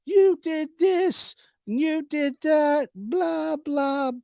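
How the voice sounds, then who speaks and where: A nagging online commenter, pitched up high and whining in a mocking singsong, as a man imitates him. The lines drag slowly, scolding and complaining. The sound is dry and close. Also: gravelly, warm tone, no room sound, full character voice. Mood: mocking whine.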